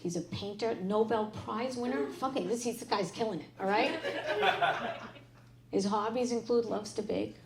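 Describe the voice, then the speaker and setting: A woman's voice: fairly high pitch, moderate pace, background noise. A woman performing a brash, profane stand-up comedy set on a club stage, speaking into a handheld mic. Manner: brash, profane, punchy delivery. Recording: echoey club with loud crowd. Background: audience laughter.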